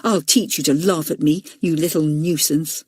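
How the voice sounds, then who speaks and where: Woman reader as a big schoolboy bully, low and menacing. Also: steady tone, normal speed, a little mellow, slightly rough, no echo, clean studio sound.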